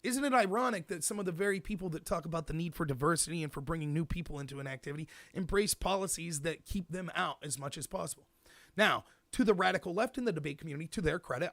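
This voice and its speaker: A man hosting his own show, delivering an animated commentary monologue full of mock quotes. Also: a little high, no room sound. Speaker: host.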